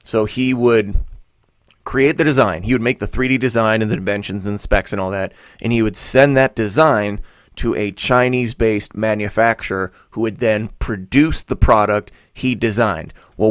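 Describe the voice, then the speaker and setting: A man with a fairly low voice talks through business ideas in a casual, rambling way. He corrects himself often and drops sarcastic asides. The recording is close and dry. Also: dry recording. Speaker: vlogger. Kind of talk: casual explanatory monologue.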